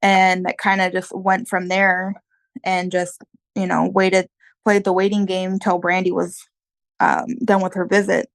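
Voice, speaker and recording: A woman's voice: fairly low pitch, monotone, measured pace, gravelly, no room sound. A woman telling her story as an interview guest, in plain, earnest, casual talk with some fillers.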